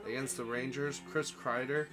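A man's voice: mid-range voice, fairly even intonation, moderate pace. A young man co-hosting a podcast in loose, profane, rambling chat, hungover. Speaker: podcast co-host. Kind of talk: casual chat. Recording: music playing behind.

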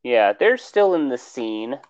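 A man's voice: medium pitch, big pitch swings, slow pace, a little mellow, highs cut off. A man co-hosting a podcast, chatting casually and rambling about music with lots of fillers. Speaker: podcast co-host.

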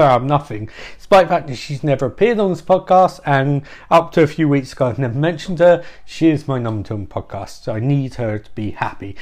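Male podcast host, slightly high voice, rambling comic monologue full of restarts and swearing. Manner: rambling and self-interrupting, with swearing and asides.

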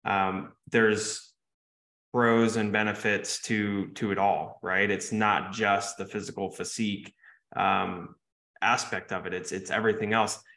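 A man's voice: lowish voice, level tone, measured pace, bright, forceful tone. A man hosting a podcast, chatting casually with a guest and often adding "right?". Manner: conversational, many fillers like "right?". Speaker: podcast host. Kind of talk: casual interview chat. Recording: roomy echo.

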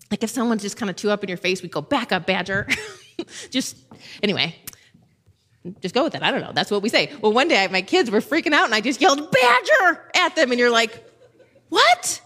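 A woman in her thirties teaching a Bible passage in a casual, animated way, acting out the people in the story and laughing easily. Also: a little high.

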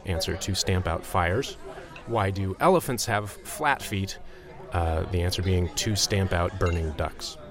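A man telling a joke in a dry, measured way. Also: deep voice. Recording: crowd chatter behind.

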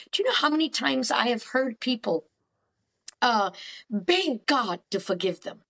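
A woman therapist speaking in an animated, emphatic way about faith, often repeating phrases for stress. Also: a little high, measured pace, creaky, low-quality recording. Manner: animated, acts out dialogues with God. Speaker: cognitive therapist guest. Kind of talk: faith-based counseling talk.

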